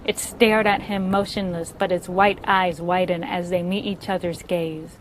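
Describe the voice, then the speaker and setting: A young woman reading a written scary story aloud in a steady, measured way. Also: on the low side, a little hiss or hum, poor audio.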